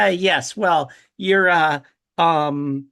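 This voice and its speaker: A man playing in a tabletop game, talking slowly with many fillers and restarts. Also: on the high side, creaky, pushed and bright. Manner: slow, halting, full of fillers. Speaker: player. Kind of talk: tabletop role-play.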